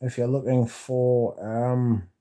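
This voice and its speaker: A man's voice: medium pitch, steady tone, takes it slowly, warm tone. A man hosting a casual livestream, reading viewer comments aloud and swearing freely as he chats. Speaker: livestream host reading chat. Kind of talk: casual livestream chat about perfume.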